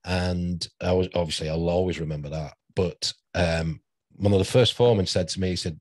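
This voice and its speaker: Man, around sixty, low voice, dry sound, rambling anecdotal interview host. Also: fairly even intonation, fairly quick, darkish tone, no room sound. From St Helens, near Liverpool, England. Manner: rambling anecdotal storyteller who laughs often. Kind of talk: casual interview chat.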